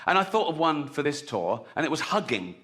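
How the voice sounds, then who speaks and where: Blunt English stand-up comedian in a big hall. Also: male voice, on the high side, sing-song, a little fast, fairly bright tone. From Reading, England. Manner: blunt, crude, conversational storytelling with frequent "right?". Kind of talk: stand-up routine. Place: large theatre before a live audience. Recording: reverberant live theatre with crowd laughter.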